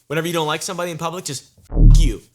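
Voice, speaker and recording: A man's voice: on the high side, level tone, rapid-fire, fairly bright tone, faint music behind. A young man hosting a comedic reaction video, reading posts aloud and ranting bluntly with lots of swearing and sarcasm. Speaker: online reaction video host.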